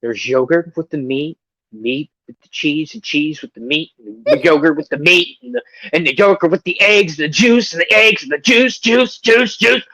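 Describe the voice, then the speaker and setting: A man's voice: on the high side, lively intonation, moderate pace, bright, forceful tone, no echo, low-quality recording. A man co-hosting a casual podcast, rambling and joking with a lot of swearing. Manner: profane, rambling, jokey. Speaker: podcast co-host.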